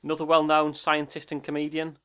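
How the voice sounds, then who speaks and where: Male co-host, slightly high voice, rambling and halting, casual chat. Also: completely flat delivery, a bit bright, clean tone. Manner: rambling, hesitant, looks things up as he talks.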